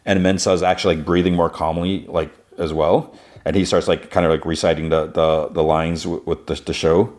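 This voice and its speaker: A man's voice: low voice, level tone, fairly quick, a little mellow. A man hosting a podcast, casually recapping a show in a rambling, filler-heavy way. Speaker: podcast host.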